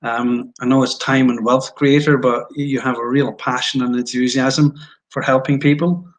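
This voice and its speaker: A man's voice: mid-range voice, steady tone, normal speed, slight background noise, low-quality recording. Scottish male guest, mid-range voice, candid and self-mocking storyteller. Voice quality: frank, self-deprecating, anecdotal. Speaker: interview guest.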